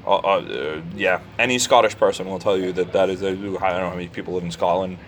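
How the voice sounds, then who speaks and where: A man's voice: low-pitched, fast talker, slight background noise. A man co-hosting a casual, profane chat in the back of a bar, rambling with stammered restarts. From New York. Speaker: podcast co-host.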